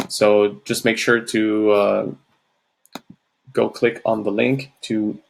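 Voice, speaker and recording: A man with a French Canadian accent, a native French speaker, walking through a software tutorial in a halting, apologetic way with many fillers. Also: medium pitch, creaky, husky. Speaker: tutorial host. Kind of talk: screen-recorded software tutorial.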